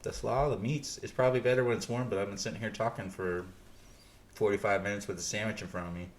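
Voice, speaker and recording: A man's voice: on the low side, steady tone, fast. A man co-hosting a podcast, chatting casually and explaining things in detail. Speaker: podcast co-host. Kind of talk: casual chat. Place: North Carolina.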